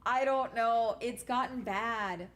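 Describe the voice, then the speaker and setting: A young woman streaming and chatting casually, telling stories in a blunt, profane, animated way. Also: on the high side, slow.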